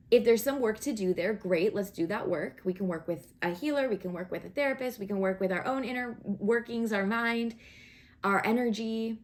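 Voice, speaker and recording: A woman giving a casual tarot reading, chatty and encouraging, often checking in with "right?" and "okay?". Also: medium pitch. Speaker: tarot reader.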